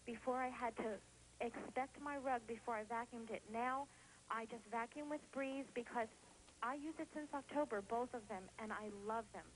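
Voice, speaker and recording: A woman from New Jersey rings in to a home shopping broadcast and raves in a chatty, gushing rush. Her voice sits slightly high, and a faint hiss runs under it. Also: moderate pace, poor audio. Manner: gushing, chatty, laughs easily. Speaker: call-in viewer. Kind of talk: phone-in testimonial.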